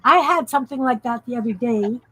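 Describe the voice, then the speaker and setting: A woman's voice: fairly high pitch, a little fast, sharp tone, a little hiss or hum, low-quality recording. A woman hosting a casual crafting live stream, tired, rambling and giggling as she chats with viewers.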